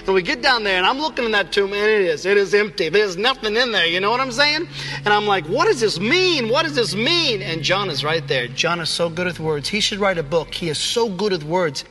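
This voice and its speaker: A man playing the apostle Peter in a church skit, rambling and animated. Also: sits high, a little fast. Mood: excited. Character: excitable male apostle Peter, eager fisherman.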